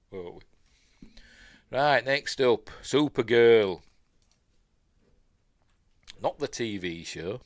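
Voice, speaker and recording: A man's voice: fairly low pitch, a bit bright, dry recording, studio quality. An older man with a Yorkshire accent, hosting a casual news live stream, rambling and reading chat comments aloud. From Yorkshire, England.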